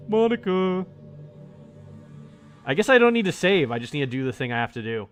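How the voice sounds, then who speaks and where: A man's voice: fairly high pitch, sing-song, fairly quick, long pauses, soft background music. A man streaming a visual novel, joking and talking to the game character as he plays. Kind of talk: casual gameplay commentary.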